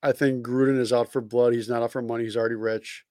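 A man's voice: medium pitch, little pitch movement, quick pace, darkish tone, no room sound. A man co-hosting a casual sports podcast, blunt and profane, laughing at his own points. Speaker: podcast co-host.

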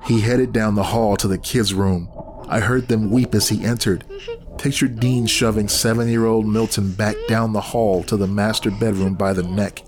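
A man reading a horror story aloud in scripted first-person narration, tense and steady. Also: lowish voice, normal speed.

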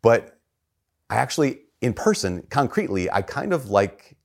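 A man's voice: medium pitch, sing-song, normal speed, gravelly. A man, a priest, reading the gospel and then giving a chatty, self-deprecating homily in a church. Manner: conversational, self-deprecating storytelling with restarts.

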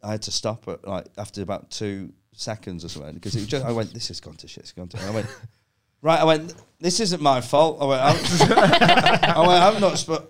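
A man tells a story on a podcast. His pitch swings widely as he acts out his own flustered reactions. He swears freely and keeps the story rolling. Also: animated, normal speed, background noise. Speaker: comedian guest. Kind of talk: casual podcast chat.

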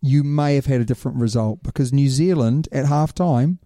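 A man talking rugby in an easygoing, opinionated way, his voice deep-toned and mellow. The sound is dry and close, with no room around it. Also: a little fast, no echo. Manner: animated, opinionated, says "mate". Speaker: rugby podcast host. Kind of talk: casual chat.

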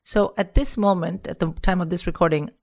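A middle-aged woman with a soft, soothing voice, chatting reflectively as a podcast guest. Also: lowish voice, fairly quick, vocal fry. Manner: reflective, rambling with restarts. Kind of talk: casual chat.

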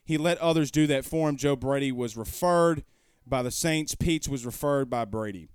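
A man's voice: medium pitch, normal speed, clear, resonant tone, no echo, studio quality. A man hosting a casual sports talk stream from home, arguing his points emphatically with rhetorical questions. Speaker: sports talk show host. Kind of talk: casual live-stream commentary. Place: home room.

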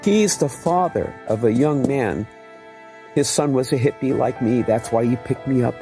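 A man's voice: mid-range voice, normal speed, warm tone, soft background music. A man preaching his testimony as a vivid storyteller who acts out the dialogue. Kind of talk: animated testimony sermon.

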